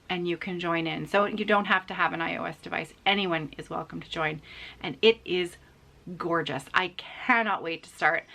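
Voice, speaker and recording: A middle-aged woman talks casually to her viewers about her needlework, in a chatty, self-deprecating way full of restarts and little fillers. Her voice sits fairly low yet sounds bright and forceful. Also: gravelly. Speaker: cross-stitch vlogger. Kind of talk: casual chat to camera.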